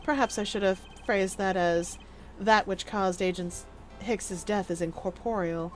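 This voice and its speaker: A woman voicing a cool, formal male prosecutor who lays out his reasoning in a measured, precise way. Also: medium pitch, fairly even intonation, loud music behind the voice, pitched below the performer's own voice, natural voice. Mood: calm, deductive.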